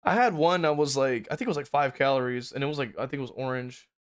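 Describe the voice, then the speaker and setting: A man's voice: medium pitch, fast talker. A young man streaming a game in casual, slangy chat, swearing a lot and laughing often. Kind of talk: casual live-stream commentary. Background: loud game music.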